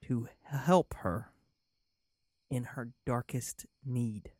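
Man playing a devoted high elf knight. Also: very slow, a little mellow, no room sound, studio quality. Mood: solemn. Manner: solemn and formal, turning frantic.

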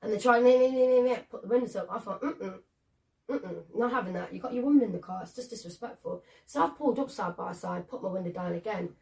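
A woman co-hosting a podcast, telling an animated story and acting out both sides of an argument. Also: mid-range voice, fast, creaky, distant mic. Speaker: podcast co-host. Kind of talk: casual chat.

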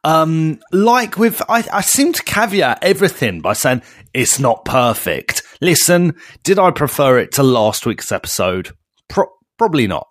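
A man's voice: fairly high pitch, sing-song, measured pace, no echo, studio quality. A young man with an Essex accent co-hosting a podcast, chatty and rambling, saying "mate" a lot. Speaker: podcast co-host. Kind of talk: casual chat.

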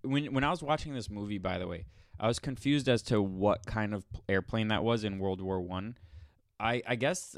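A man's voice: on the low side, normal speed, vocal fry, no room sound, clean studio sound. A man hosting a podcast, reacting to a clip with incredulous, sarcastic ranting. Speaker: podcast host. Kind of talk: casual reaction commentary.

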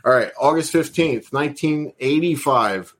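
A man's voice: fairly high pitch, moderate pace, a bit bright, dry recording. A man hosting a podcast, talking in an easygoing, rambling way with plenty of fillers. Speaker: podcast host. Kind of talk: casual chat.

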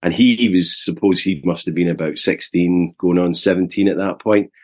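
A man in his forties from Scotland speaks with a gentle Glasgow accent and a fairly low voice. He tells his story in an earnest, halting way, often doubling back on his words. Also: fairly even intonation. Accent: Glaswegian Scottish. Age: 40s. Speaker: podcast guest. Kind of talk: casual conversation, telling his life story.

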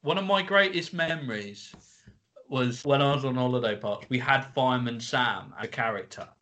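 A man's voice: mid-range voice, moderate pace, bright, forceful tone. A man co-hosting a casual comedy podcast, joking and acting out quotes as he tells anecdotes. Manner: jokey, acts out quoted voices. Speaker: podcast co-host.

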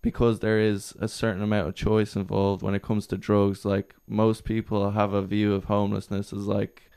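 A man's voice: lowish voice, moderate pace, creaky, smooth. A man chatting casually on a podcast, telling a story and acting out the people in it. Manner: animated storyteller acting out quotes. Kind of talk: casual chat, anecdote.

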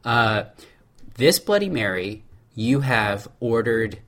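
Male co-host, middle pitch, conversational, walks through an argument step by step. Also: lively intonation, slow, a bit bright. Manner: builds a point step by step, acting out scenarios. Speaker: podcast co-host. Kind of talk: casual chat.

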